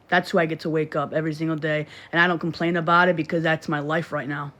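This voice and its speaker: A woman's voice: deep voice, flat delivery, quick pace, hardly any pauses, fairly bright tone. A woman on a phone livestream from her bed, lecturing and scolding in a preachy, repetitive way. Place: bedroom, in bed.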